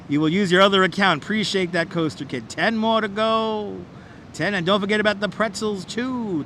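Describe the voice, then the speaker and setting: A man's voice: high-pitched, fairly bright tone, a little hiss or hum. A man hosting a live walking tour, cheering viewers on like an auctioneer in a playful, repetitive patter. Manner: auctioneer-style hyping of like counts. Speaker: livestream host. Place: outdoors on a city bridge. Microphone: wireless clip-on mic.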